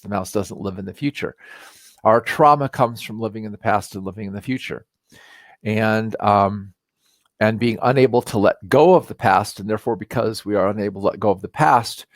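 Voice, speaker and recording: A man's voice: on the low side, no room sound. Man, teacher, recorded lesson, conversational, dry recording. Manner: reads verse slowly, with deliberate emphasis; explains in a relaxed, conversational way with fillers. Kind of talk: recorded lecture.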